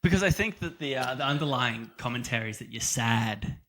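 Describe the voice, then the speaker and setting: Playful man, mid-pitched voice. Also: expressive, brisk, a bit bright, a little hiss or hum. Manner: playful, teasing, runs the games. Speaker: podcast co-host. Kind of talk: casual chat.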